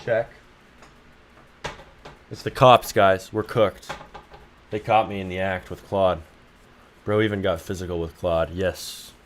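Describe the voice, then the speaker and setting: A man's voice: low-pitched, fairly even intonation, unhurried, a little hiss or hum. A young man streaming game development who jokes, swears freely and reads his chat aloud. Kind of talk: casual livestream chat.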